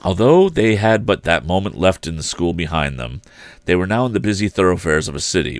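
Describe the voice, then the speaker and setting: A man hosting a livestreamed story time, reading a classic novel aloud with steady, measured narration into a close microphone. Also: low-pitched, smooth, no room sound. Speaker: storyteller host. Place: home streaming setup.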